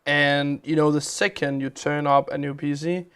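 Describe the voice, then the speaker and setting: A man's voice: on the high side, flat delivery, moderate pace, fairly bright tone, clean tone. A man hosting a game live stream, chatting casually as he plays, with a chatty, rambling manner. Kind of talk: casual live-stream chat while playing games.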